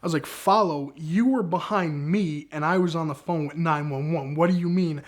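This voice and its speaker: Young male storyteller, slightly high voice, animated delivery. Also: moderate pace. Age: young adult. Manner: animated, acts out the cops' shouting in quoted lines. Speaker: guest storyteller. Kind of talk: casual storytelling.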